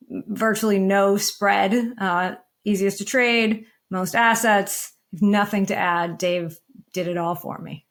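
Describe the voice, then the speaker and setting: A woman judging on a panel, giving matter-of-fact analysis in a casual discussion, with frequent ums and uhs. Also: mid-range voice. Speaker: guest judge analyzing funds.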